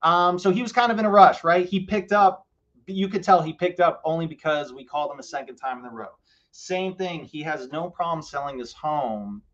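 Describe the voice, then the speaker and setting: A man's voice: a little high, normal speed, highs cut off. Upbeat male real estate host. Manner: energetic, explains to viewers with frequent "right?". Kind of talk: live stream phone call and coaching.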